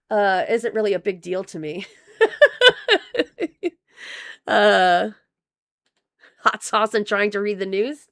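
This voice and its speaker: A woman's voice: mid-range voice, steady tone, unhurried. A woman live-streaming casual commentary, reading out donations in a rambling, profane way, with her voice wearing thin. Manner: rambling, profane, with many restarts. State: losing her voice.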